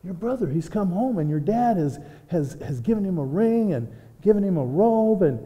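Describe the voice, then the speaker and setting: A man voicing an excited male servant who blurts out news in a high voice, stumbling over his repeated words. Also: normal speed, lo-fi sound. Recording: long church reverb.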